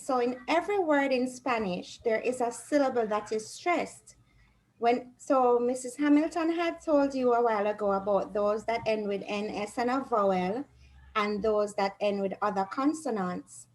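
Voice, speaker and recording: A woman's voice: on the high side, normal speed, low-quality recording. A woman with a Jamaican accent teaching a Spanish lesson to students in an online class, explaining patiently step by step.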